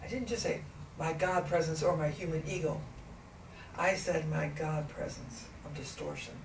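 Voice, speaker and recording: A woman channeling a gentle ancient male teacher. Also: low voice, creaky. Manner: slow, deliberate, asks rhetorical questions. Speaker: trance channel. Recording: echoey room, distant mic, faint noise.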